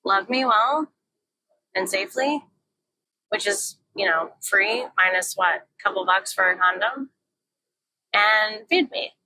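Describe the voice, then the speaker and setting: A woman's voice: medium pitch, slow pace, long pauses, a crowd in the background, low-quality recording. A young woman talking candidly in a frank, joking, often profane monologue, recorded on a phone while she drives her car. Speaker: vlogger.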